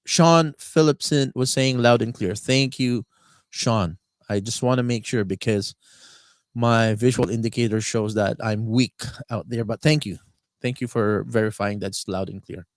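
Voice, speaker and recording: Halting male live-stream radio host. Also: mid-range voice, no echo. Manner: halting, many fillers and word searches.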